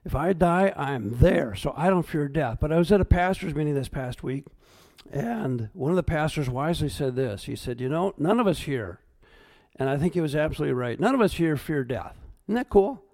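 A middle-aged pastor preaching a sermon, swinging between hushed, choked-up asides and raised, emphatic points. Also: male voice, fairly high pitch, lively intonation, moderate pace. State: choked up at times.

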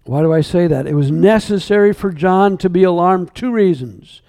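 A man preaching a sermon, earnest and emphatic, repeating words and slowing down on key phrases. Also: high voice, mellow.

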